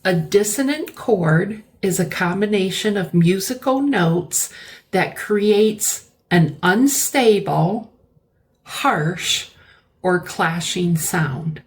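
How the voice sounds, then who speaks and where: Very slow, deliberate woman teacher. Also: mid-range voice, expressive. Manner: deliberate, repeats key words, explains definitions. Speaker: English vocabulary teacher. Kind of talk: slow classroom-style vocabulary lesson.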